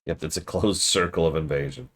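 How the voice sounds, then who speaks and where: A man streaming a game review, rambling through jokey riffs with deadpan asides. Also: rumbling low, fairly quick. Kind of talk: casual livestream commentary.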